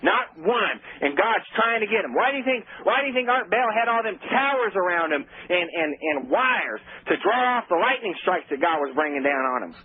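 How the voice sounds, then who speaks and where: Brief: man playing a bombastic zealot caller, high husky voice, tinny phone line. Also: expressive, a little fast, hardly any pauses. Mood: indignant. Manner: bombastic, repeats "I'm gonna tell you what". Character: ranting zealot male caller, self-righteous, indignant. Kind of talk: call-in radio rant.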